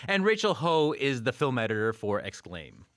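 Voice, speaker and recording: A male host with a bright, forward voice that swings widely in pitch. He laughs often and keeps the panel moving, handing the floor from guest to guest. The sound is dry and close. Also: sing-song, normal speed, no echo. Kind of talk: radio show panel chat.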